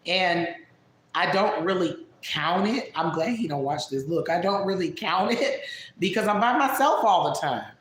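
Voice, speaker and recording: A hoarse woman hosting a livestream, candidly answering viewer questions in casual chat. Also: low-pitched, echoey room, a little hiss or hum. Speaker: livestream host.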